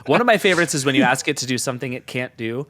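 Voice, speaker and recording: A man co-hosting a tech podcast with a very lively, up-and-down delivery, pressing his points with skeptical emphasis. His voice is recorded close and dry. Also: mid-range voice, racing, dry recording. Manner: emphatic, skeptical, builds arguments. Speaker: podcast co-host. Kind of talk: casual tech podcast chat.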